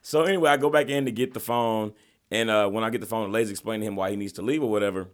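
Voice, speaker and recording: A man hosts a casual podcast chat, telling a story with animated energy and plenty of profanity. His voice sits low and his words come quickly. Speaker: podcast host.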